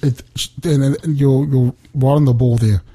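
A middle-aged man speaks earnestly about faith, often stopping and restarting his sentences. His voice is mellow and a little husky. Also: mid-range voice, fairly even intonation. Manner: earnest, halting, many restarts. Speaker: guest speaker. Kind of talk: faith talk on a remote call.

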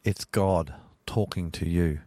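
Earnest radio host, dry sound. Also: male voice, low-pitched, takes it slowly, warm tone, no room sound. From Australia. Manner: earnest, grows emphatic and preachy. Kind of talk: radio Bible study chat.

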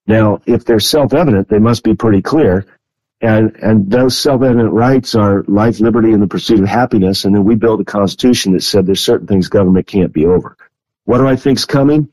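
A man being interviewed, answering at length in a measured, earnest way with frequent hesitations. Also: lowish voice, a little mellow, no room sound, low-quality recording. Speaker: guest. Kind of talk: interview answer on biblical prophecy.

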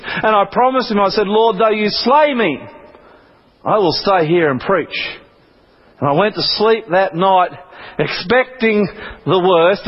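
Earnest and dramatic, a high-pitched Australian man gives a testimony as part of a sermon, leaning on repeated phrases. It comes through on a muffled, lo-fi recording.

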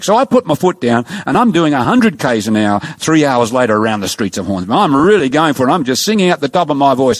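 A man preaching a sermon, telling stories and acting out dialogue, slowing down for emphasis. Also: on the high side, dry recording. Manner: storytelling, animated, acts out dialogue; slows down for emphasis.

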